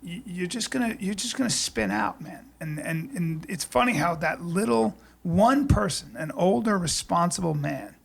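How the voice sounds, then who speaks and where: A man with a high, raspy voice and a gravelly edge hosts a casual podcast chat. He talks in a rambling, animated way and swears freely. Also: moderate pace, hardly any pauses. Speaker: podcast host. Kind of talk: casual conversation.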